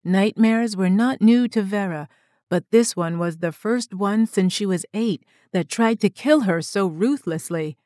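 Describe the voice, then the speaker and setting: Slow, measured woman storyteller. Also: mid-range voice, warm tone, no room sound, studio quality. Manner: slow, measured, dramatic reading. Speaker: narrator. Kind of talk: scripted storybook narration.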